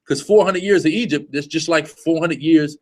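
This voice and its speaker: A man's voice: fairly high pitch, moderate pace, low-quality recording. A man teaching in a loose, emphatic preaching style, often stopping to ask whether his listeners follow him. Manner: emphatic, repetitive, asks "you see what I'm saying?". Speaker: street preacher teaching a group. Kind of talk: informal religious teaching.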